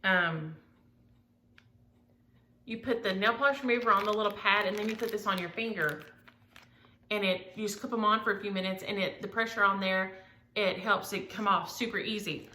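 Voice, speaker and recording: A woman's voice: mid-range voice, moderate pace, pauses often, sharp tone, echoey room, slight background noise. A woman, chatting casually in a gushing, scattered way while showing gifts at home. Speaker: flosstube vlogger. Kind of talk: casual chat showing mail.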